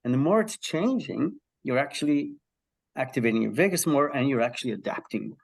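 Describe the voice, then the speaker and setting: Gravelly-voiced man, lively storytelling guest. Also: mid-range voice, brisk. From Israel. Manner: animated storyteller, frequent ums and restarts. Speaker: guest, health psychology professor. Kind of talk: conversational interview answer.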